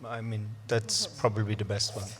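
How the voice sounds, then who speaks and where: A man's voice: on the low side, flat delivery, normal speed, fairly bright tone, a little hiss or hum. A man in an academic panel discussion, speaking thoughtfully with some hesitation.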